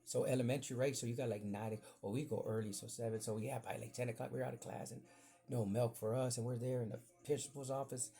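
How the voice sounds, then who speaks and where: Gravelly man telling a rambling story. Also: mid-range voice, fast. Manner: rambling, animated, acts out voices in quotes. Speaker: podcast host. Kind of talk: casual storytelling.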